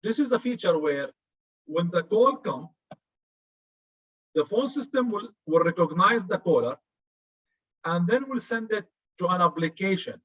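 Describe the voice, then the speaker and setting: A man's voice: sits high, expressive, unhurried, pauses often, fairly bright tone, slightly rough, highs cut off. Joking Arabic-accented male lecturer. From Arab region. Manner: chatty, joking, says "good" often. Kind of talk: classroom lecture.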